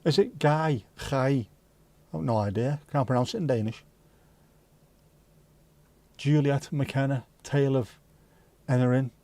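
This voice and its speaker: Jokey Scouse man with a mellow voice. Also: medium pitch, unhurried, pauses often, no echo. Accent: Liverpool (Scouse). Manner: jokey, rambling, swears freely. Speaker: livestream host. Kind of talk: casual chat reading viewer comments.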